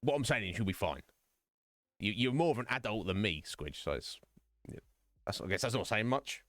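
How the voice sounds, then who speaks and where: Low-voiced streamer chatting. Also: male voice, lively intonation, moderate pace, dry recording, clean studio sound. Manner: rambling, joking, talks to chat by name. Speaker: streamer host. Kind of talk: casual live-stream chat.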